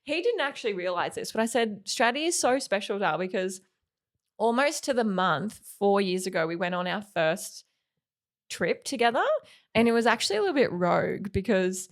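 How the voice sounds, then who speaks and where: A woman's voice: mid-range voice, moderate pace. Young woman rambling thru a story on a podcast, says like a lot, gets bouncy doing quotes. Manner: rambling, heavy use of "like"; animated when quoting. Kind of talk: casual storytelling chat.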